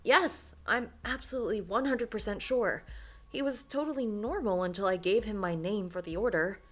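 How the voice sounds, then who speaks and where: A woman's voice: medium pitch, normal speed, a bit bright, faint music behind, close to an everyday voice. A woman voicing a worried young heroine who speaks in urgent, rattled questions. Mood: anxious.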